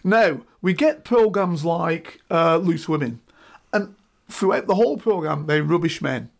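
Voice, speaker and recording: High-voiced gravelly man. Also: a little slow. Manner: animated, emphatic, repeats "right?". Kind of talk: casual discussion.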